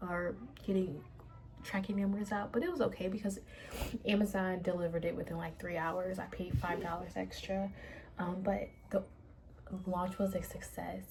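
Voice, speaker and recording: A woman's voice: lowish voice, flat delivery, moderate pace, creaky, noisy background. A young woman, vlogging in casual chat, rambling with fillers and repeating herself. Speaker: small business owner vlogger.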